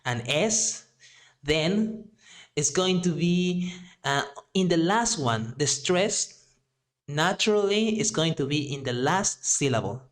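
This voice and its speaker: A man with a Mexican Spanish accent gives a Spanish lesson in English. He talks slowly and deliberately, stretching out each example word, in a voice a little higher than most men's. His delivery is patient and methodical. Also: animated. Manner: slow and deliberate, drawing out example words. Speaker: Spanish teacher. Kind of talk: language lesson.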